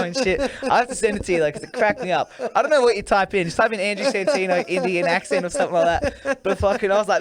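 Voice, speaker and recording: A man's voice: sits high, fast, hardly any pauses, a crowd in the background. A young man co-hosting a podcast in casual chat, laid-back and sweary, laughing often. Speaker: podcast co-host.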